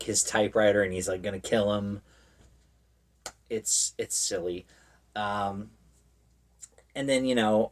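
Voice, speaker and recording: A man's voice: medium pitch, recorded from a distance. Rambling man recapping a horror movie. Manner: rambling, filler-heavy, wry.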